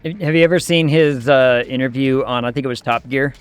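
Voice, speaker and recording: A man with a mid-pitched voice talks in a relaxed, reflective way during a gaming stream. He sometimes slows down and stretches his phrases, and faint music plays behind him. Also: smooth, dry recording. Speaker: streamer co-host. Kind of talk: casual chat while gaming.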